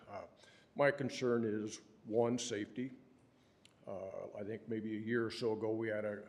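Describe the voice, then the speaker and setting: A man, making a measured, hesitant public comment at a county meeting. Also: on the low side. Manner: measured, hesitant with many fillers. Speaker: member of the public.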